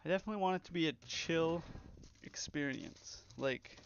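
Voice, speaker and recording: A man's voice: a little high, moderate pace, a little hiss or hum. A young man who develops games, chatting casually on a live stream, rambling and reading chat aloud. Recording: slightly dull, lo-fi stream audio.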